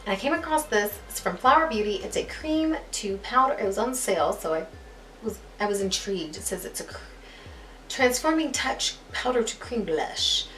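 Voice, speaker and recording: A young woman talks casually to her camera, chatty and quick to poke fun at herself as she rambles. Her voice sits at an ordinary middle pitch. The room is echoey, with faint music underneath. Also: expressive, fairly bright tone. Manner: chatty, self-deprecating, laughs at herself. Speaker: beauty vlogger.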